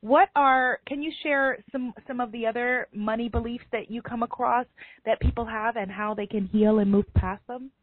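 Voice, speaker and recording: A woman's voice: a little high, steady tone, moderate pace, no room sound. Woman podcast host, encouraging and chatty, narrow phone-like sound. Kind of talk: podcast interview. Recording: tinny phone line, dry.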